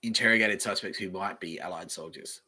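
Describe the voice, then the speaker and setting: A man hosting a casual solo podcast, reading aloud from the web and thinking out loud in a rambling way, with the odd swear. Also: deep voice, brisk, husky. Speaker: podcast host.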